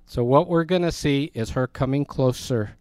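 A man's voice: medium pitch, moderate pace, darkish tone, clean tone, dry recording. A man teaching a Bible study in a conversational way, explaining words and asking his listeners questions.

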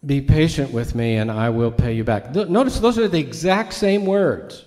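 Man, pastor, sermon, conversational teaching, warm mellow voice. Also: mid-range voice. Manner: conversational teaching, asides to the congregation.

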